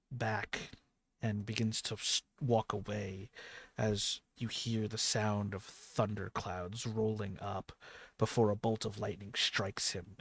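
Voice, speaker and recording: A man narrating a tabletop game as game master, halting with many fillers. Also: lowish voice, fairly bright tone, husky, no room sound.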